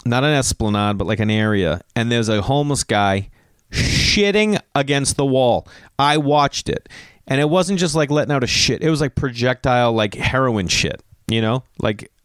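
A man's voice: mid-range voice, expressive, normal speed, clean tone, no echo, studio quality. A middle-aged man hosting a podcast, rambling through a profane story with lots of digressions and acted-out quotes. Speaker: podcast host. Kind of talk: casual rambling monologue.

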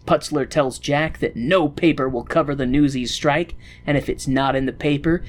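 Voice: medium pitch, normal speed. A host from the Midwestern United States giving a sarcastic, joking recap of a story's plot. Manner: sarcastic, jokey, slips into voices.

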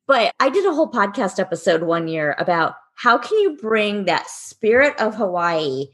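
A woman's voice: medium pitch, big pitch swings, normal speed, a bit bright. Woman host, affirming interviewer, easy conversational tone. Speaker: podcast host. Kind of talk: casual podcast interview.

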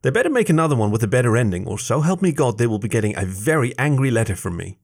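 A man voicing a playful, dramatic young male fox with a high, whiny, teasing voice in an audio story. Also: wildly swooping pitch, a little fast.

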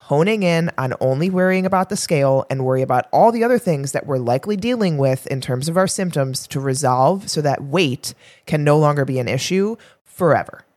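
A woman's voice: sits low, animated, fairly quick, a little mellow. A woman co-hosting a health podcast in casual chat, rambling a little with fillers and restarts. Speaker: podcast co-host, health coach.

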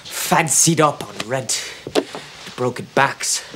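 A man's voice: mid-range voice, animated, takes it slowly. An actor playing a blunt young Irish man scoffing at a rich landowner, in film dialogue. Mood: scornful. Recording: film clip with noise and clicks.

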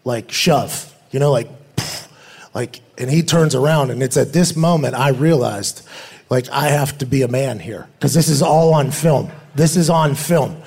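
A man's voice: mid-range voice, measured pace, creaky, slightly rough. A middle-aged man, a former football player, telling stories casually as a guest, swearing freely and acting out the voices of others. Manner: animated, profane, acts out quoted voices. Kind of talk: casual storytelling.

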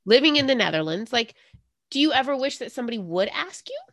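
A woman co-hosting a casual podcast talks at a quick pace in a slightly high, fairly bright, very animated voice. Curious and full of questions, she shares anecdotes from her own life.

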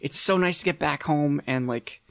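Rambling male comedian, somewhat high voice. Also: vocal fry, a bit bright. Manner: rambling, halting, frank complaints. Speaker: stand-up comedian guest. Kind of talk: casual chat.

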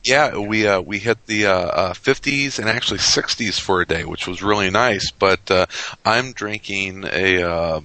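A man hosts a casual podcast chat in a low, bright, forceful voice. He rambles easily, full of fillers and restarts. The sound is close and dry. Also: unhurried, no room sound, poor audio. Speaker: podcast host.

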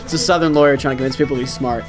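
A man's voice: medium pitch, very fast, music in the background. A young man riffing in a casual podcast chat, profane and jokey, full of mock dialogue. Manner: animated, profane riffing with silly bits.

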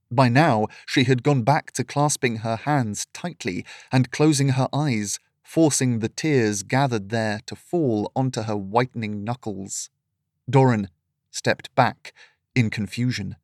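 A man reading a fantasy story aloud in steady, measured scripted narration. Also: mid-range voice, no echo, clean studio sound.

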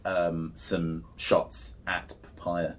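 A man's voice: sits low, flat delivery, very slow. A man narrating a tabletop game as game master, chatty, with many ums and uhs.

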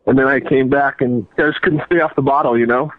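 A man's voice: medium pitch, fairly even intonation, quick pace. Self-deprecating young man on a tinny phone line. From California. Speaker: caller, former minor league baseball player. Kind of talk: phone call.

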